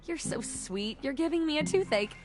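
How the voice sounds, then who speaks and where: A man voicing a polite, gracious young woman in a soft, gentle read. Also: very high-pitched, animated, moderate pace, music in the background, voice pushed up. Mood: sweet.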